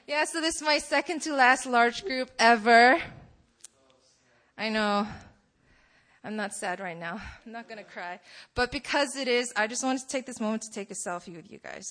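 Giggly young woman speaker, slightly high. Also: moderate pace, a bit bright. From Poland. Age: 20s. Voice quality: casual and giggly, with frequent laughs and fillers. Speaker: student speaker at a campus fellowship. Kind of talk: opening prayer and talk to a student group.

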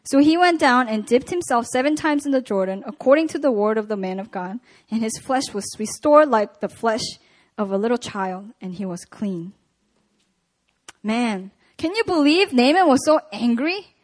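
High-voiced woman preaching conversationally. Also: normal speed. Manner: conversational, animated retelling of scripture. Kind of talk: sermon at a prayer meeting.

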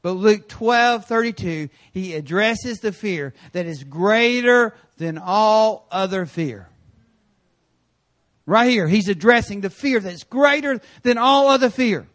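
A man preaching in a church sanctuary, his voice sitting high for a man. He tells stories with energy, jumping from loud, punchy lines to quiet asides. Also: slow. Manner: animated storytelling with sudden loud and quiet turns. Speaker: guest preacher. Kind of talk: sermon.

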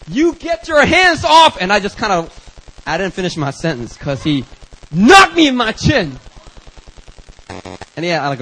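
A male preacher telling a story in a sermon, animated and acting out the dialogue. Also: a little high, husky, poor audio.

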